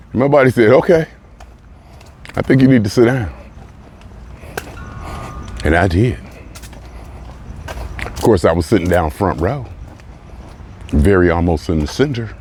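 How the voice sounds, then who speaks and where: A man's voice: fairly low pitch, slight background noise. A man vlogging while walking outdoors in the sun, slightly out of breath, talking in a rambling, reflective way and often restarting his phrases. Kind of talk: casual spoken monologue while walking.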